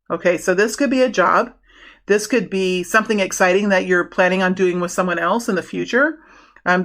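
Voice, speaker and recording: A woman's voice: medium pitch, a bit bright. A woman giving a casual tarot reading to her viewers, rambling and friendly, with many restarts and fillers. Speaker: tarot reader.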